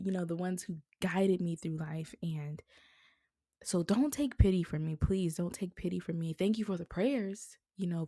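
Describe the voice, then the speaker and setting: Gravelly-voiced woman, earnest podcast host. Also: lowish voice, mellow, no echo, clean studio sound. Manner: earnest and encouraging, speaks of prayer with feeling. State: emotional, near tears. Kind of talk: heartfelt faith-based podcast monologue.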